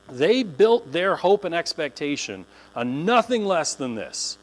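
A male pastor preaches in a chatty, animated way, breaking into quick voices for the people he talks about. His speech swoops up and down, sitting a touch high for a man. A faint electrical hum runs under the recording. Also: poor audio. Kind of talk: sermon. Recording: low mains hum.

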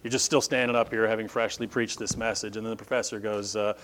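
A middle-aged man preaching a sermon as pastor, telling stories with lively shifts and acting out the people he quotes. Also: lowish voice, fast. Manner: animated storytelling, voices quoted speakers.

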